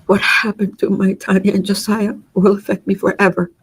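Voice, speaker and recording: A middle-aged mother reads her prepared statement to the court, measured and full of grief. Her voice is husky and breathy. She keeps her delivery flat and even. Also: medium pitch, poor audio. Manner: grieving, measured reading with small slips. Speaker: victim's mother giving impact statement.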